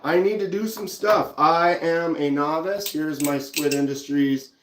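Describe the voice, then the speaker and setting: A man's voice: fairly high pitch, measured pace, roomy sound, a little hiss or hum. A man with a Minnesotan accent, hosting a casual live stream and chatting easily while showing pocket knives. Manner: relaxed, chatty, reads out viewer comments.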